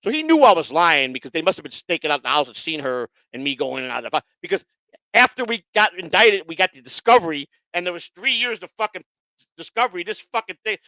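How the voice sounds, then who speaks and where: A man with a high voice hosts an informal online show and tells a drawn-out, swear-filled story, animatedly performing the quoted voices of its characters. There's no room sound, and the recording is rough.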